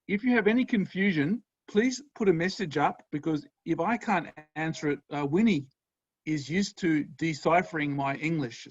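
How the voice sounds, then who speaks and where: A man's voice: fairly high pitch, dry recording. Upbeat Australian man lecturing online. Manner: enthusiastic, friendly, chuckling. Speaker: guest lecturer. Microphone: video call. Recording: dry, slightly dull sound.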